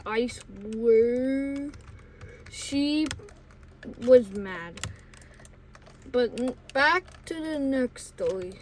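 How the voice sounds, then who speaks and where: Casual vlogger, female, high voice and slow pacing. She tells a rambling story full of restarts and acts out the yelled quotes. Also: slight background noise. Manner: rambling, with many restarts and self-corrections; acts out the yelling in loud put-on quotes.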